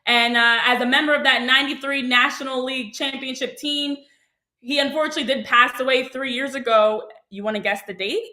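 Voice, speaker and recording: A woman co-hosting a casual sports show, upbeat and quick to laugh. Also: high voice, fairly even intonation, pushed and bright, echoey room, low-quality recording.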